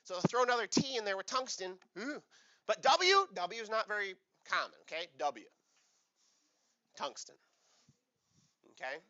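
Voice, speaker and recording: A man's voice: high voice, moderate pace, pauses often, lo-fi sound. A male chemistry teacher giving a playful classroom lecture and quizzing his students. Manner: playful, animated, asks the class questions.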